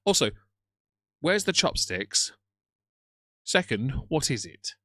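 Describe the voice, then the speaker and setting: A man's voice: on the high side, big pitch swings, takes it slowly, bright, forceful tone, dry recording. A man hosting a live stream, chatting casually with viewers and teasing the video he is watching. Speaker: livestream host reacting to a video.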